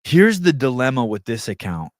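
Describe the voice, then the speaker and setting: A man hosting a live podcast, chatting casually and reading the chat aloud, rambling and swearing as he thinks out loud. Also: medium pitch, big pitch swings, normal speed, no room sound, clean studio sound.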